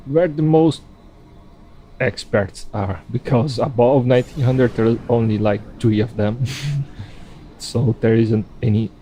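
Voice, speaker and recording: A man giving casual video game commentary from his computer at home, relaxed and thinking aloud with chatty asides. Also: medium pitch, a little hiss or hum, rough recording. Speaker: game caster. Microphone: desk microphone.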